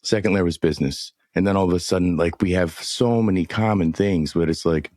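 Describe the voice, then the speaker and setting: A man's voice: low-pitched, a little fast, a little mellow, dry recording, studio quality. A man hosting a podcast, talking casually in a laid-back, slangy way. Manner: laid-back slangy, says dude a lot. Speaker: podcast host. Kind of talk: casual chat.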